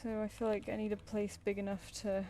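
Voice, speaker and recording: Drawing on stream at home in her flat with a cat, this English artist talks in a mid-range, monotone, dark voice at a fairly quick pace. Her Southern English accent carries casual, rambling chat full of restarted sentences, with faint music in the background.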